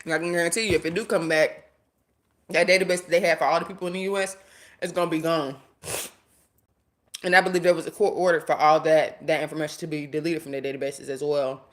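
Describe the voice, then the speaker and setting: A woman's voice: low-pitched, fast talker. A woman live streaming, ranting casually and bluntly to her viewers, talking to the chat and swearing freely. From United States. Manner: blunt, animated, talks straight to viewers and chat. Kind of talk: casual livestream rant.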